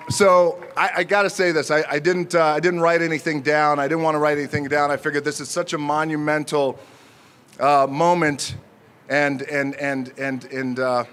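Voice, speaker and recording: A man's voice: a little high, fairly bright tone, a little hiss or hum. Man giving an off-the-cuff speech. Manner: off-the-cuff, joking, pausing often with fillers. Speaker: speaker at an outdoor honor ceremony. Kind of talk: unscripted acceptance speech. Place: outdoor ceremony with a crowd.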